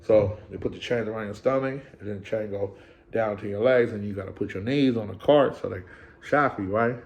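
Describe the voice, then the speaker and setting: A man's voice: fairly low pitch, a little fast, creaky, muffled recording. A middle-aged man telling a story in casual, profane slang, acting out the people in it and checking in with "right?". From California. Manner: slangy, acts out voices, keeps asking "right?".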